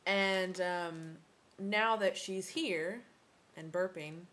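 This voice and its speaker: A woman's voice: lowish voice, extremely slow, a bit bright. A young woman ranting casually to her camera at home about motherhood, sarcastic and swearing, with many ums. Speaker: vlogger.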